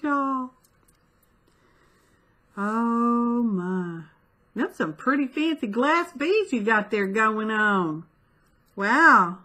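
A woman's voice: mid-range voice, lively intonation, drawn-out words, pauses often, bright, forceful tone. A middle-aged woman in a casual, chatty craft vlog, gushing with delight as she opens mail. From United States. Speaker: craft vlogger. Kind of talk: casual unboxing chat.

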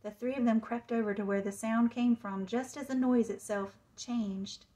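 A woman author reading a children's book aloud in a measured, suspenseful way. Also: a little high, steady tone, mellow, low-quality recording. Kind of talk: storybook read-aloud.

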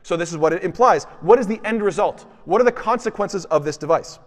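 A man's voice: high voice, expressive, brisk, big-room sound. A man giving a religious lesson, explaining words step by step and posing questions he then answers himself. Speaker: teacher.

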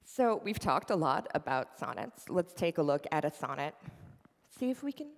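A young woman giving a conference talk, explaining things in an animated way with frequent fillers. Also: low voice, moderate pace, creaky. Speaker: conference speaker. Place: conference hall. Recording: hall with long reverb.

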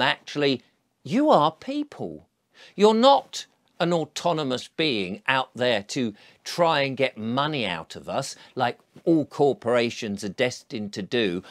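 A man's voice: mid-range voice, animated, unhurried, dry recording. A man giving an earnest, rambling monologue to camera, coaxing and full of restarts. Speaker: video blogger.

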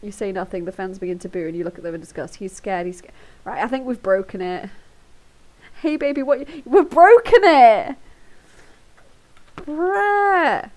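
A woman's voice: medium pitch, fast talker, a little mellow. Brief: woman, casual game streamer, reads aloud, giggly and foul-mouthed, headset mic. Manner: giggly, swears freely, breaks into laughter. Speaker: livestreamer. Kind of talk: casual livestream, reading game text aloud. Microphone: headphones with a microphone.

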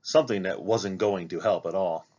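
A man reading a children's novel aloud, narrating in an expressive, dramatic way. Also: low-pitched, moderate pace, lo-fi sound. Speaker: reader. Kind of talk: storybook read-aloud narration.

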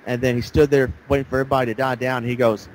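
A podcast host with a level tone talks at a racing pace in a casual chat, rambling through stories and acting out what people said. The low-quality audio carries faint background noise.

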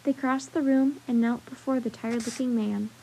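Storyteller, female, steady gentle reading of a kids' book; mellow, slightly husky. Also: on the high side, normal speed, poor audio. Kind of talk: reading a children's chapter book aloud.

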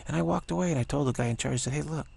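A man's voice: medium pitch, very fast, gravelly, darkish tone, breathy edge. A man telling a spiritual story in a rambling way, repeating himself and restarting often, with a sore throat. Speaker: spiritual teacher. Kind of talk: casual spoken reflection.

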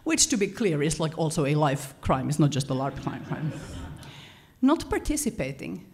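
Woman, conference speaker, low-ish voice, conversational lecture with frequent self-corrections. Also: normal speed, creaky, slight background noise. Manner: animated, self-correcting, chuckles between points. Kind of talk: lecture-style talk to an audience.

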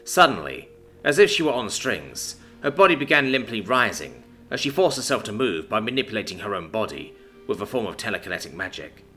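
Male narrator, expressive dramatic reading; low-set, lively pitch with a bright edge. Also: brisk, soft background music. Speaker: story narrator. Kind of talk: scripted narration.

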